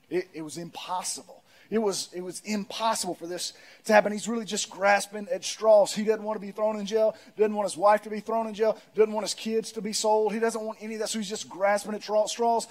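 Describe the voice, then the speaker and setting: A male pastor, preaching a sermon. He swings between loud, emphatic preaching and quiet, reflective storytelling. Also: high-pitched.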